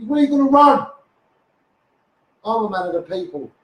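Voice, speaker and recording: With a high, very animated voice at a moderate pace, a Scouse livestreamer who styles himself an activist rants on Facebook live, swearing and peppering viewers with asides. Recorded on a phone far away in an echoey room, the audio has its highs cut off.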